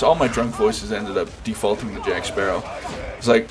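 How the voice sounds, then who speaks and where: A man's voice: on the low side, fairly even intonation, normal speed, music in the background. A man streaming a game, chatting casually and rambling with lots of fillers and restarts. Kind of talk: casual chat while gaming. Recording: game noise in background.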